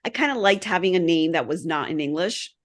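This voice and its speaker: A woman who grew up speaking Gujarati, a guest on a podcast, telling stories in a lively way and acting out the voices she quotes. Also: on the low side, fairly quick. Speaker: guest, humanitarian photographer. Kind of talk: casual interview chat.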